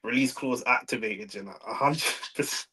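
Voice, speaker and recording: A man's voice: mid-range voice, normal speed, bright, forceful tone, low-quality recording. Slangy London guy hosting a stream. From London, England. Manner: slangy, laid-back, swears, reads chat aloud. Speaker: livestream host. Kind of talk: casual live watch-along chat.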